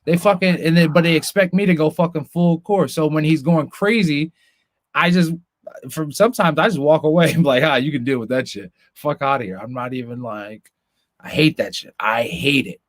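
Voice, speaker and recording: A man co-hosting a casual podcast, swearing constantly and mimicking family members in high voices. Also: moderate pace, no echo, studio quality. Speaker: podcast co-host.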